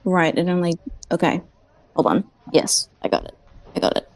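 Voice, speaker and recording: A woman's voice: fairly low pitch, expressive, moderate pace, darkish tone, no room sound. A woman playing a character in a tabletop role-playing game, playful and breezy, laughing often. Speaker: player.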